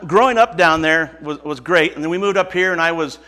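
A man's voice: fairly high pitch, brisk, pushed and bright. A man from Nebraska giving an informal sermon, retelling a Bible story in a casual, folksy way with frequent restarts. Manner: casual and folksy, chuckles and self-corrects often. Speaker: preacher.

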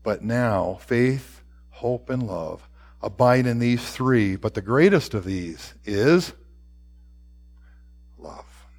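A man preaching a sermon, reading scripture aloud with slow, deliberate phrasing that trails off softly at the ends. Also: medium pitch, animated, vocal fry.

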